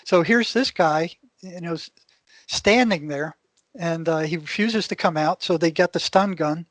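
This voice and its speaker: An older man, a retired therapist guest, telling an animated story in casual conversation with frequent restarts. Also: a little high, a little slow, no room sound.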